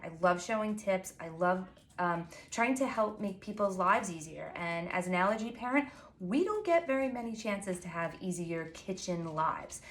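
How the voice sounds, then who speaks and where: A woman in her forties with a Long Island New York accent, a pastry chef giving a chatty, fast how-to talk full of asides and fillers. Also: medium pitch. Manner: fast, chatty and self-apologetic, with frequent fillers. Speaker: pastry chef and baking teacher. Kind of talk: casual instructional talk to camera.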